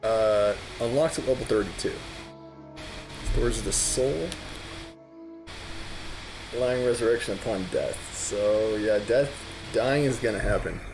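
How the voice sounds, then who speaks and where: A man's voice: lowish voice, measured pace, long pauses, poor audio. A man giving casual, chatty commentary on his gameplay, thinking aloud as he plays. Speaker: let's play streamer. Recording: game music playing behind the voice.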